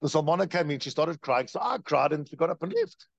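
Brief: male rabbi lecturing, husky, lively pitch, dry slightly muffled sound. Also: fast talker, dry recording. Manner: animated, repetitive storytelling with rhetorical questions. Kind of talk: Torah lecture.

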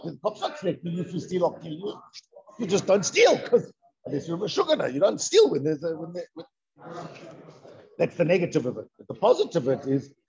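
Guy giving a torah class, keeps asking questions and answering them, voice jumps all over, muffled lo-fi sound. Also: high voice. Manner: animated, fires rhetorical questions and answers them. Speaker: Torah teacher. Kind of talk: lively Torah lecture. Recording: dull lo-fi recording.

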